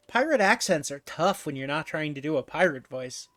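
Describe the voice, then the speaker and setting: A man's voice: on the high side, expressive, moderate pace, hardly any pauses, fairly bright tone, no room sound. A man streaming a game, chatting loosely with viewers, joking and swearing freely. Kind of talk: casual gaming commentary.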